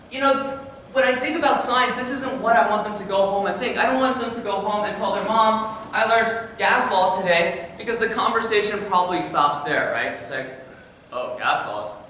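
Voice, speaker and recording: A male high school science teacher giving an energetic, animated conference presentation, often repeating words as he starts a sentence. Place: large conference room. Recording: echoey hall from far off, faint noise.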